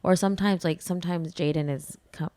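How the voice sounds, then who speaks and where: A woman's voice: lowish voice, steady tone, brisk, dark tone, no echo. A woman in her thirties co-hosting a casual podcast chat, giving short supportive replies. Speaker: podcast co-host.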